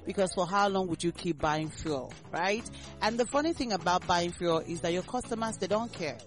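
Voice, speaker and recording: A man with a Nigerian English accent hosting a morning radio talk show, chatty and animated, repeating phrases as he talks. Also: sits high, normal speed, soft background music. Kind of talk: casual morning radio chat.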